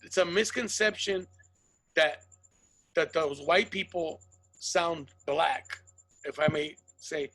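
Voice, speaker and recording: A man with a bright, sharp tone and a slightly husky edge holds forth in casual chat. He makes his points with emphasis, repeating himself and swearing freely. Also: a little high, slow pace, long pauses, poor audio. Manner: emphatic, profane, argumentative. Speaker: podcast guest.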